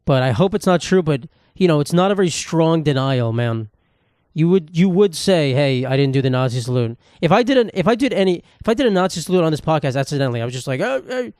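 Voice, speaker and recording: A man's voice: fairly high pitch, lively intonation, fast talker, a little mellow, no room sound, studio quality. A young man hosting a solo podcast from his apartment, rambling and swearing in a jokey way. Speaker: podcast host.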